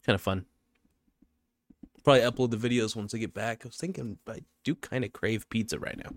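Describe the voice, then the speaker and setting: Low-voiced man rambling offhand. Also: a little fast, no room sound. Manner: aimless, offhand musing. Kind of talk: rambling solo vlog monologue.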